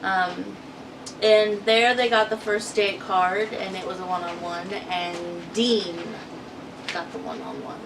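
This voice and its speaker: Slow-talking woman recapping with a distant mic. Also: mid-range voice, fairly even intonation, vocal fry. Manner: chatty storyteller, giggles often and acts out quotes. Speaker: co-host of a TV recap channel. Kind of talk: casual chat recap. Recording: distant mic with noisy background.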